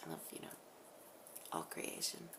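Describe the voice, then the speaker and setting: A woman's voice: moderate pace, noisy background. A woman spiritual channeler chatting casually, rambling and giggling. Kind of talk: casual chat after a channeling.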